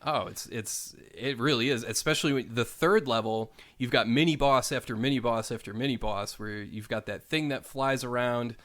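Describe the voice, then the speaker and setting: Bright-voiced man chatting casually. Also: medium pitch, normal speed, hardly any pauses. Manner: animated, rambling with many restarts. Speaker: podcast co-host. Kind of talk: casual chat.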